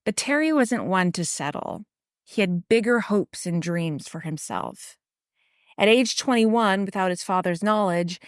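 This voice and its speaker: A woman's voice: fairly low pitch, no room sound, clean studio sound. A woman hosting a podcast, narrating a scripted true crime and history story and reading from notes with casual asides and the odd slip. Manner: reads from a prepared script with casual asides and occasional slips. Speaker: podcast host.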